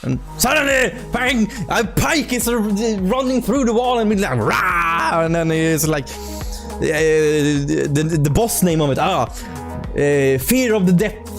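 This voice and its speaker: Animated young man streaming. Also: high-pitched, unhurried. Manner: rambling and animated, playful swearing. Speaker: indie game developer streaming. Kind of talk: casual live stream chat. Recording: faint music in background.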